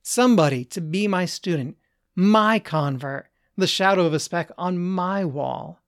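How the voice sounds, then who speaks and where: A narrator reading an absurd short story in a deadpan, measured way. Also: medium pitch.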